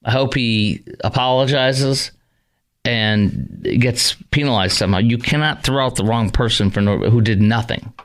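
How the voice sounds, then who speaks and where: A man's voice: medium pitch, normal speed. A man hosting a radio talk show, rambling with many fillers and sounding indignant.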